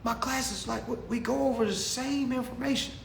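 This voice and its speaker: A man's voice: very high-pitched, steady tone, brisk, gravelly. Young guy lecturing his followers on reading, preachy and repetitive, roomy echo with faint background hum. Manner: preachy, repetitive, calls listeners family. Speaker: consumer law class teacher. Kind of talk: casual talk to followers. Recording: echoey room with faint ambience.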